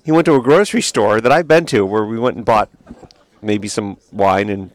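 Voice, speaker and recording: An American man hosting a casual chat, a little drunk, telling stories with animated energy and frequent laughter. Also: fairly low pitch, moderate pace, no room sound. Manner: animated storyteller, laughs often. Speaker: podcast host.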